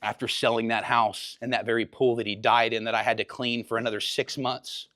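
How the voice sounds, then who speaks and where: A man preaching a chapel sermon, moving from quiet personal storytelling to loud, impassioned preaching. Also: mid-range voice, level tone, brisk, dry recording, studio quality. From Oklahoma.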